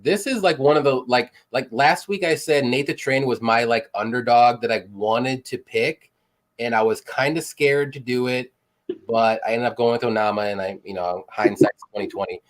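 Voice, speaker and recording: A man's voice: mid-range voice, normal speed. A man co-hosting a live betting show, giving his fight picks in a casual way full of "like" and "um.". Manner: casual, filler-heavy, restarts with "like" and "um". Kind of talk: casual sports betting chat.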